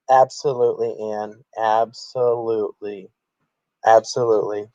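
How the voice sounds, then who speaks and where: A man's voice: mid-range voice, little pitch movement, slow, pauses often, dark tone, no echo, dull audio. A man hosting a satirical livestream, speaking in a mock-earnest, theatrically emotional way. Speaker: streamer.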